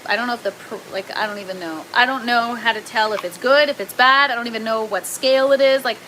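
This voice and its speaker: Chatty woman on a live stream, kinda high voice, really bright, laughs a lot. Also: fast, a little hiss or hum, low-quality recording. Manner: chatty, laughs often, reads viewer comments aloud. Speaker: livestream host. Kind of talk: casual livestream chat. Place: indoor grow tent.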